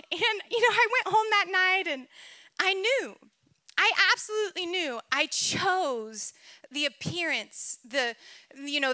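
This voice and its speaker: A woman preaching a sermon, telling a personal story in an animated, emotional way and laughing often. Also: extremely high pitch, no room sound.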